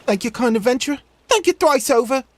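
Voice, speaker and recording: A man voicing a frightened young refugee woman in a put-on Cockney accent, pleading in a high voice. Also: lively intonation, quick pace, a little hiss or hum. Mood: grateful.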